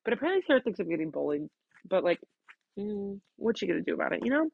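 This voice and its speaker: A woman's voice: mid-range voice, sing-song, quick pace, vocal fry, no room sound. A teenage girl venting to the camera from her bedroom in a chatty, casual rant, filling every phrase with "like" and swearing freely. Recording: dull, lo-fi dry recording.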